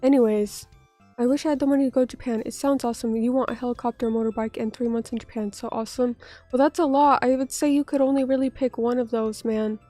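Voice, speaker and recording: Woman streamer, high voice, recovering from a cold, chatty and self-mocking, dry close mic. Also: steady tone, fast, warm tone, no echo, faint music behind. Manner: chatty, self-deprecating, swears casually. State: still sick, recovering from illness. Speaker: vtuber streamer. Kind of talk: casual livestream chat, reading viewer comments aloud.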